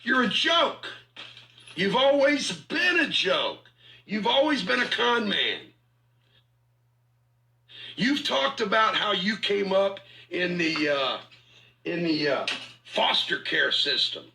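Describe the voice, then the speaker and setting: Loud, taunting man on a mocking rant. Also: high-pitched, very animated, slow, gravelly, long pauses, poor audio. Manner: taunting, mocking, profane, repeats himself. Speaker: online commentator in a feud. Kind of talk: confrontational rant.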